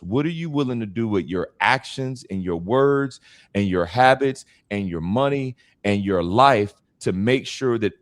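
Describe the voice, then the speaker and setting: A man in his forties answering interview questions as a guest, telling stories in an animated way and acting out other people's lines. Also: fairly low pitch, no echo. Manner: animated storyteller, acts out quoted voices. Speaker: guest speaker and author.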